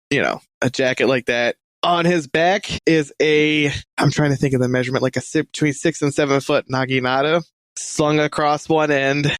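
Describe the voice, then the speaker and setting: A man's voice: on the high side, smooth, dry recording. A man playing a tabletop role-playing game, rambling and searching for words as he describes his character. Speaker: player. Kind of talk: casual tabletop role-play.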